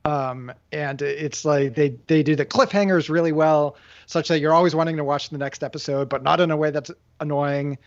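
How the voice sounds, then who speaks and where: A man's voice: on the high side, fairly even intonation, normal speed, no room sound. A man hosting a podcast in casual chat, rambling with lots of filler words. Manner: rambling, heavy use of "like". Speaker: podcast host. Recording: dry, dull lo-fi sound.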